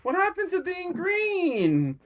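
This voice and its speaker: A player voicing a naive, excitable young man in a tabletop role-play, speaking in a high, drawn-out childlike voice. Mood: excited.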